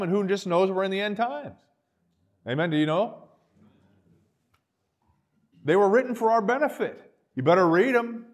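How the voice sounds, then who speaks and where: A middle-aged male pastor with a voice that sits high preaches a sermon with animation, acting out quoted voices and dropping into quiet asides.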